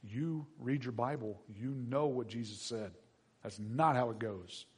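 A middle-aged male pastor preaching a sermon, animated, acting out little voices. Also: mid-range voice, a little slow, breathy edge. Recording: long hall reverb.

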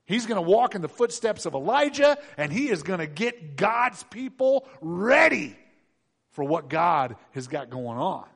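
A man's voice: sits high, sing-song, unhurried, creaky, fairly bright tone, breathy edge. A man preaching a conversational sermon, teasing his congregation with asides and questions. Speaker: pastor.

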